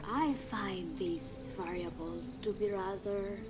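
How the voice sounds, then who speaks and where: A woman's voice: medium pitch, slow pace, loud music behind the voice, lightly acted. An actress playing a polite, hesitant woman giving an apologetic opinion in a video game. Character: polite woman trying to be tactful.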